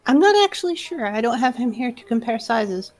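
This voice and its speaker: A woman player with a higher voice, tossing out playful jokes between turns, with faint music underneath. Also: animated, fairly quick. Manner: joking, playful asides. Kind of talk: tabletop game banter.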